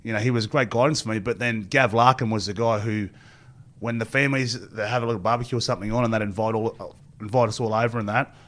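A man's voice: lowish voice, steady tone, fast, fairly bright tone. A middle-aged man with an Australian accent, a former rugby player telling long rambling stories as an interview guest and acting out what others said. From Queensland, Australia. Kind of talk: storytelling interview.

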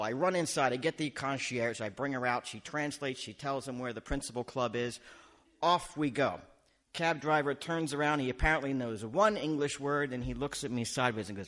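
A man performing stand-up comedy, telling a story in an animated, self-mocking way and acting out his own panic. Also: mid-range voice, normal speed.

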